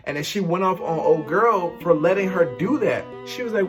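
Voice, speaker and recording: Young man, vlogger, storytime monologue, slangy, animated, fairly high voice, music playing behind. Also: normal speed. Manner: animated, slangy, acts out quotes.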